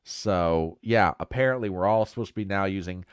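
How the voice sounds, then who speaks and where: Speaking at a moderate pace with few pauses, this older man has a low, clean voice in a studio-quality recording with no room sound. As host of a laid-back talk show streamed live, he reads news items out loud and adds sarcastic remarks.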